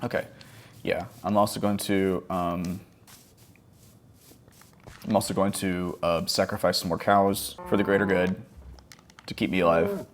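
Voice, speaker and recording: A man's voice: low voice, little pitch movement, measured pace, pauses often, a little hiss or hum. A man around thirty chatting casually over his gameplay, rambling and self-mocking, dropping to mumbles and jumping to yelps. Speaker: gaming vlogger.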